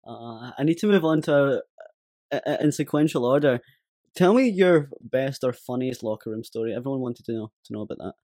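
A man's voice: mid-range voice, animated, fairly quick, darkish tone, no echo, studio quality. A man hosting a podcast interview, amused and laughing as he asks his next question. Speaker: podcast host. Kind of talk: casual interview chat.

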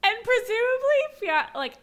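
A woman's voice: very high-pitched, very animated, moderate pace, a bit bright. A woman, co-hosting a casual podcast chat, laughing often as she retells scenes. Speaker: podcast co-host.

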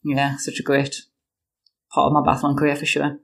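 In a casual interview, a woman from the United Kingdom in her thirties tells lively stories as a guest, using plenty of fillers. She speaks at a moderate pace with a low pitch and some vocal fry.

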